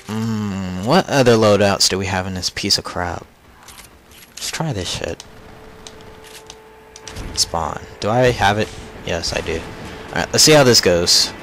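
A man's voice: lowish voice, slow pace, pauses often, fairly bright tone, slight background noise. A young man narrating his own online shooter matches, frustrated and swearing as he mocks other players. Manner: frustrated, swearing, mocking opponents. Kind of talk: live gameplay commentary. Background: game gunfire.

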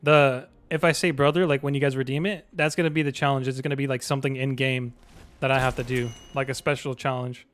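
A young man streaming a game live, chatting to viewers in slang and bursting into excited yells. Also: medium pitch, fast talker.

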